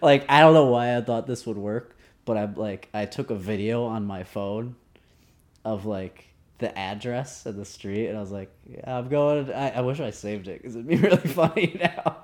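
Male, mid pitch, casual chat, jokey and giggly storyteller. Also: normal speed, a little mellow. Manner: joking, laughs often.

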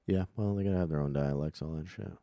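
A man's voice: low voice, fast, creaky, warm tone, no room sound. A man in casual chat, crude and joking, bantering with a friend. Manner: crude, joking, slips into silly put-on voices.

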